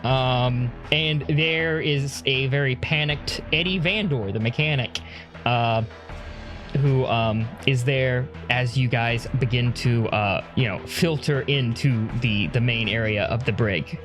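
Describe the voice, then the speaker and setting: A man's voice: mid-range voice, slow, over music. A man narrating as game master of a tabletop game, casual and rambling with many fillers.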